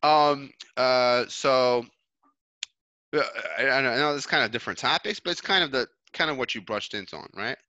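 A man from New York City telling stories in casual chat, animated, with lots of fillers, restarts and swearing. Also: mid-range voice, moderate pace, dry recording, lo-fi sound.

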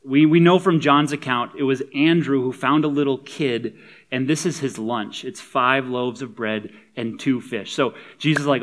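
A man's voice: medium pitch, moderate pace. A man preaching a sermon as a pastor. He is conversational and humorous, and he builds to emphatic points.

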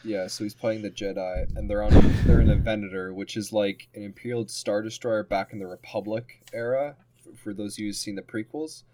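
A young man with a fairly low voice chats casually as a podcast co-host. He tells a tabletop game story and laughs through it, swearing without thinking. A faint hiss sits under the recording. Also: fairly even intonation, fairly quick, mellow. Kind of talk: casual chat.

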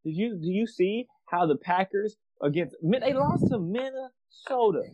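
A man co-hosting a sports podcast, ranting emphatically in casual slang and circling back to repeat his points. His voice is on the higher side for a man. The recording is dull and muffled, with a dry sound. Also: lively intonation, normal speed, a little mellow, no room sound. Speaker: podcast co-host.

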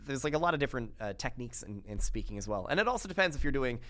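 A young man from Quebec, a radio host guesting on a podcast, talking in a chatty, animated way with many restarts. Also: mid-range voice, very fast, dry recording, clean studio sound. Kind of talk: casual interview chat.

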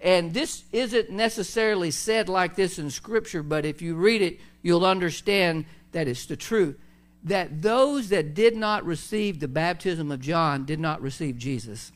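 A pastor preaching a conversational sermon, full of fillers, restarts and asides to the congregation. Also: male voice, sits high, animated, unhurried.

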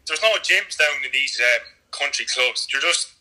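A man's voice: mid-range voice, expressive, bright, forceful tone, rough recording. A young man with an Irish accent from Kildare, a guest joking along in casual banter with a friend. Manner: quick, joking, laughs along.

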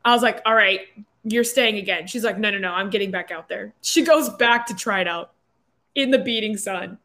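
A young woman in her twenties, telling a story in a casual chat with lots of fillers. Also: mid-range voice. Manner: animated, quick storytelling with many fillers.

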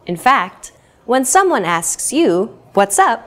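A young woman hosts a scripted English lesson. Her pitch moves up and down a lot, and she talks at an unhurried pace. She says each example phrase clearly and often repeats it for learners. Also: big pitch swings, fairly bright tone. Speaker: English teacher.

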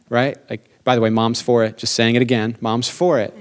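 A middle-aged man preaches a sermon in an animated, emphatic way, often asking for an amen. His voice sits at a middle pitch, and it climbs and slows when he wants a point to land. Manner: animated, emphatic, asks the congregation for amens; slows down for emphasis, rising pitch on key lines. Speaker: pastor.

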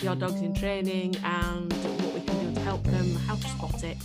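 A woman's voice: fairly low pitch, flat delivery, moderate pace, over loud music. A woman co-hosting a podcast who introduces the guest in a bubbly, theatrical way. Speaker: podcast co-host.

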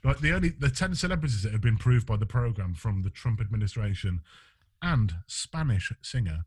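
A man's voice: lowish voice, lively intonation, a little fast, darkish tone, slightly rough. A man hosting a podcast in casual chat, sweary, laughing often and trailing off mid-sentence. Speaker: podcast host.

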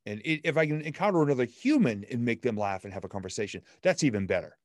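A man as a podcast guest, telling everyday stories in an upbeat, animated way. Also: medium pitch, fast, no room sound, studio quality. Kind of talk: conversational storytelling.

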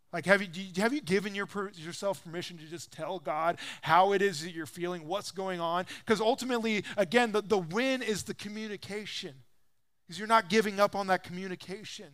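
In a relaxed, conversational sermon, a pastor in his thirties speaks fairly quickly in a smooth, resonant voice that sits rather high for a man. He is an animated storyteller who leans into his stories and acts out quotes, raising his pitch and volume with lively emphasis.

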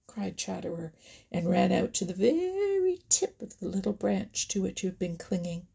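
A woman narrating a children's animal story in a gentle storybook manner, often dropping to a whisper. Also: fairly low pitch, animated, moderate pace, creaky, slightly rough.

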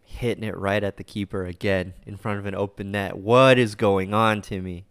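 Low-voiced guy hosting a chill fan podcast, smooth clean voice, rambles w fillers, dry close sound. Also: normal speed, no echo. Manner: relaxed, rambling with many fillers, laughs often. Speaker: podcast host. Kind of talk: casual fan podcast chat.

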